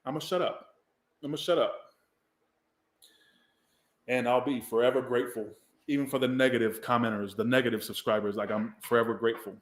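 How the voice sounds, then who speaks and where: A man's voice: medium pitch, steady tone, brisk, long pauses, echoey room. A man from the Southern US, giving a casual, rambling tarot reading and swearing now and then. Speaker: tarot reader.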